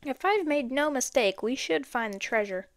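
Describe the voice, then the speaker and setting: A woman's voice: sits high, expressive, moderate pace, voice pushed up. A woman voicing a determined young girl detective in an audiobook, speaking earnestly.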